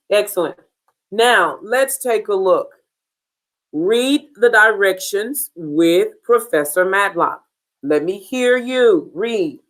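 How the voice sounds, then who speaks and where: Very slow-paced woman teaching phonics. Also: mid-range voice, a bit bright, poor audio. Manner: slow, deliberate, drills sounds and spelling letter by letter. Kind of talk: phonics lesson for beginners.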